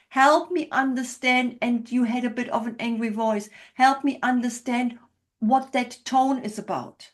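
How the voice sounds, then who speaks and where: Slow, gentle woman therapist. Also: sits high. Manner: gentle, validating, checks in often. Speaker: couples therapist. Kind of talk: therapy demonstration to a group.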